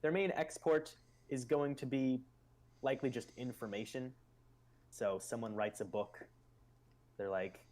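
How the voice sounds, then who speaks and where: A man hosting a live stream in casual explanatory chat. He muses aloud and speculates, with loose fillers between his points. His voice sits at a middling pitch for a man. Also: fairly even intonation, unhurried, pauses often, a little mellow.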